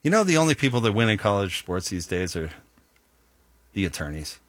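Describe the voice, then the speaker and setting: A man hosting a sports talk show, lively and joking, throwing questions to his co-hosts. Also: lowish voice, fairly quick, dry recording, studio quality. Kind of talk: casual sports radio banter.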